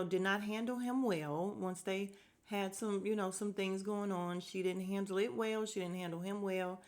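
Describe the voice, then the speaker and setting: A woman hosting a podcast, recapping a reality show in a blunt, animated, casual way with laughing asides. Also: mid-range voice. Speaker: podcast host.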